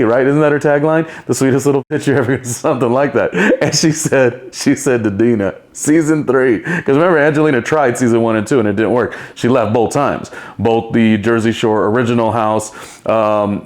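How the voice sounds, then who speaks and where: Male podcast host, solo commentary, loose and rambling, middle-pitched voice. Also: darkish tone. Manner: chatty and rambling, with playful impressions and frequent laughs.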